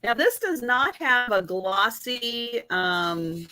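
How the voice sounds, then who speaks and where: A woman's voice: fairly high pitch, lively intonation, slow, pushed and bright. A woman hosting a live online sale, presenting items on a video call. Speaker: host selling vintage photos.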